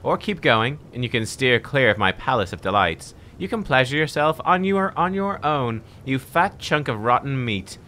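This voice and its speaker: A man's voice: mid-range voice, lively intonation, moderate pace, hardly any pauses, bright, forceful tone, a little hiss or hum. A man reading the lines of an angry, crude female demon brothel keeper in a game, in a scornful, insulting manner.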